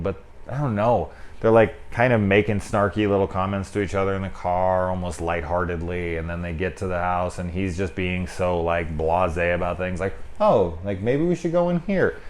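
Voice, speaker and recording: A man giving a casual, rambling film review, loose and candid, swearing freely and leaning on filler words. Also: low-pitched.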